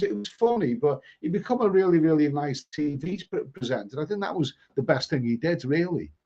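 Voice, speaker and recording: A man's voice: on the high side, a little mellow. Middle-aged Liverpool man, stammering stream chat. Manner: stammering, repeats words, chatty. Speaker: live-stream host. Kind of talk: casual chat reading viewer comments. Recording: dull lo-fi stream audio.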